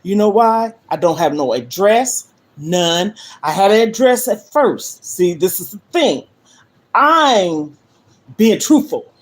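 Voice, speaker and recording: Streaming by phone from her living room, an older woman pours out an emotional monologue to her viewers with earnest emphasis. Her pitch is mid-range, with a slightly mellow quality.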